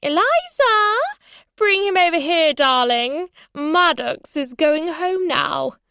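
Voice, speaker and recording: A woman's voice: extremely high pitch, very animated, takes it slowly, pushed and bright, dry recording, clean studio sound, voice pushed up, exaggerated voice. A woman playing a cheerful old grandmother. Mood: coaxing. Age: older. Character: cheerful older grandmother, gracious host.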